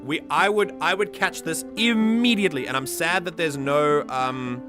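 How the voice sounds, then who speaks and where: A man's voice: on the high side, moderate pace, music in the background. A man hosting a let's play, chatting casually and explaining his choices as he plays. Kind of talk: casual game commentary.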